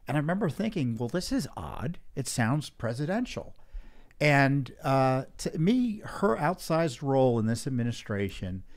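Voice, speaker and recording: A man appearing as a guest on a political talk show, making his points in a measured, deliberate way. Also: medium pitch, big pitch swings. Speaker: guest, head of a watchdog group.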